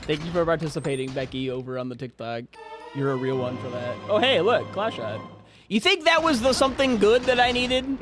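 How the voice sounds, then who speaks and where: A man streaming a video game, rambling and joking with chat and breaking into loud excited outbursts. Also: fairly high pitch, brisk, music in the background. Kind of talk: casual live-stream chatter.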